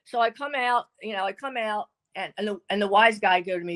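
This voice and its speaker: Older woman telling a story with animated quoted voices. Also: medium pitch, fairly quick. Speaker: guest. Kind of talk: casual storytelling.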